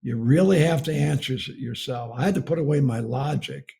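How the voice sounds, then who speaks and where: A man's voice: medium pitch, brisk, creaky, dark tone, slightly rough. A middle-aged man from the United States giving a folksy storytelling sermon about marriage, chuckling as he goes. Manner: folksy, laughs through his story. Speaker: speaker on marriage.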